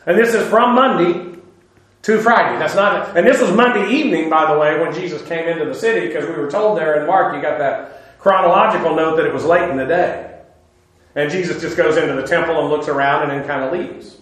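High-voiced man preaching in a very echoey room. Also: a little fast, fairly bright tone. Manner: informal, with filler "uh"s and dry sarcastic asides. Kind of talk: conversational Bible-teaching sermon.

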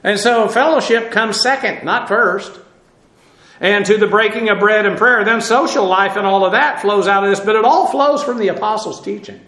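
Male Bible teacher, chatty and halting, dry humor, bright voice. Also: high-pitched, roomy sound, rough recording. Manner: conversational, many fillers, dry asides. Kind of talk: informal Bible class teaching.

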